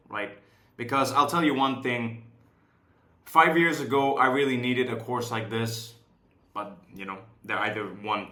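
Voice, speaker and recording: Young man, course instructor, casual lesson, swearing, high energy, echoey room. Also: pushed and bright. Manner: profane, high-energy, keeps asking "right?". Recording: roomy echo.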